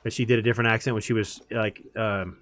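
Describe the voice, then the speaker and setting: A man's voice: on the low side, flat delivery, fast, fairly bright tone, no echo, soft background music. A man chatting casually while streaming a game, rambling and laughing easily. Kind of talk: casual chat while gaming.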